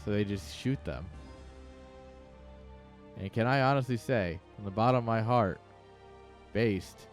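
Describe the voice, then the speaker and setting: A young man commenting live on an esports match in an excitable, joking way, talking straight to his chat. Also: lowish voice, a little slow, long pauses, soft background music. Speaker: game caster.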